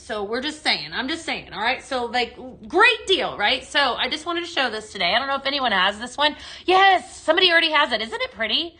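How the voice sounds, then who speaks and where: A woman's voice: high voice, bright, forceful tone. A woman hosting a chatty live shopping stream, bubbly and upbeat as she demos products and greets viewers by name.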